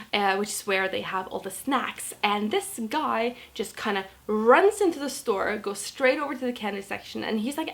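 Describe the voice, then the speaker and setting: A woman in her twenties with a Norwegian accent, telling a story to camera in a chatty, animated way with lots of "like"s. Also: medium pitch. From Norway. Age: 20s. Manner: chatty, animated, laughs often, many "like"s. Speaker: vlogger.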